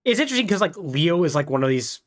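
A man chatting casually on a podcast, walking through a story beat by beat. His pitch swoops up and down a lot as he talks. He keeps dropping into quick voices for the characters. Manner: animated retelling, acts out characters' lines in quick voices. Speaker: podcast co-host. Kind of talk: casual plot recap.

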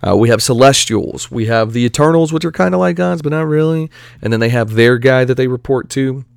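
A man chatting casually about films in a loose, rambling way, piling on asides and fillers and getting excited as he goes. His voice sits at an ordinary middle pitch and sounds dry and close, with no room around it. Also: fairly quick, creaky, clean tone, no room sound. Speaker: movie news commentator. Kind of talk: casual vlog commentary.

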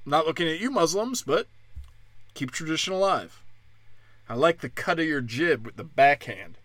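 A man doing crude stand-up, brash and profane, slipping into mocking high-pitched impressions and sounding a little tipsy. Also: bright, forceful tone, dry recording. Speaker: stand-up comic.

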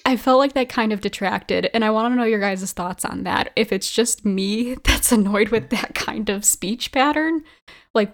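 Hesitant woman in casual discussion. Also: medium pitch. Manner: hesitant, full of fillers. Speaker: podcast panelist.

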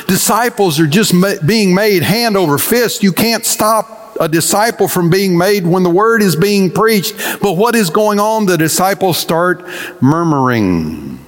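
Folksy preacher in a reverberant hall. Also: male voice, high voice, measured pace. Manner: storytelling, animated and folksy. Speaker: pastor. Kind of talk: sermon.

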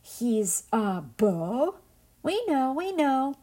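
A woman voicing two proud, haughty young sisters in a spoken folktale, with a higher, bratty, insistent tone. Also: sing-song, drawn-out words, dark tone, exaggerated voice. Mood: flustered.

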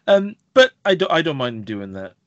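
A man co-hosting a podcast, chatting casually about films in an animated, joking way and now and then mimicking voices from the films. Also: on the high side, fairly quick, no room sound, muffled recording. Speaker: podcast co-host. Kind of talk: casual film review chat.

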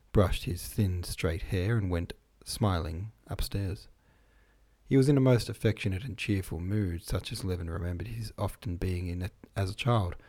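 Low, mellow man reading a novel aloud. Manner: relaxed, stumbles over long words and rereads; chatty asides between passages. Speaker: reader. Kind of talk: informal audiobook reading of a classic novel.

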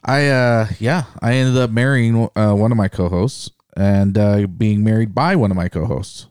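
A man with a lowish voice co-hosts a podcast in loose, joking chat. He rambles and restarts his sentences often. The sound is close and dry, with no room echo. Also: moderate pace, darkish tone, smooth. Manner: rambling, jokey, trailing restarts. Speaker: podcast co-host. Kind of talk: casual chat.

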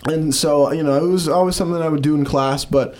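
A man's voice: a little high, fairly even intonation, fast, darkish tone. Rambling young male comedian guest. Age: young adult. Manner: rambling storyteller, filler-heavy "like". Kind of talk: casual chat.

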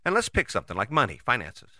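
Animated man with a bright, lively voice. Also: medium pitch, fast talker, no echo, studio quality. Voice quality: casual, swears freely. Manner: animated, conversational, frequent rhetorical questions. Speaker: motivational host. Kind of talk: motivational monologue.

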